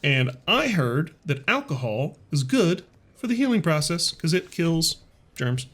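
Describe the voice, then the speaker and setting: A man's voice: fairly high pitch, sing-song, unhurried, fairly bright tone, exaggerated voice. A man doing a giddy, tipsy young adventurer. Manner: rambling and giddy.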